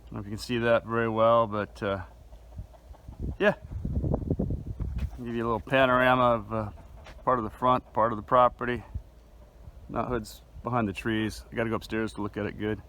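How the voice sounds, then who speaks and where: A man's voice: mid-range voice, flat delivery, moderate pace, long pauses, bright, forceful tone, low-quality recording. A man giving a casual, chatty walking tour of his farm garden outdoors, filmed on a handheld phone. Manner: laid-back and chatty, calls viewers man and dude. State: chewing food at times.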